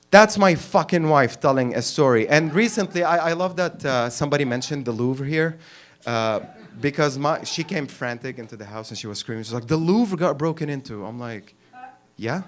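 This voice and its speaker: A man's voice: mid-range voice, normal speed. A man performing a crude, rambling stand-up comedy set on a club stage with a handheld mic, from the Arab world. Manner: brash, crude, rambling and animated.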